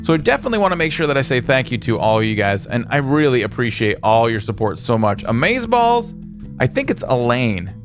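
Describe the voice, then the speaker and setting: A young gaming host gives casual let's-play commentary in a goofy, playful way, inventing words as he goes. His medium-pitched voice is animated and quick, with hardly any pauses, over soft guitar music.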